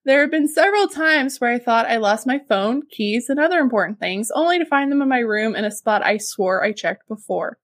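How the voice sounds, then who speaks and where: A woman with a high voice reads a listener's letter aloud on a podcast, with plenty of expression. The recording is dry, with no room sound. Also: a little fast, hardly any pauses, dry recording. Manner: expressive, laughs often. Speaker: podcast co-host.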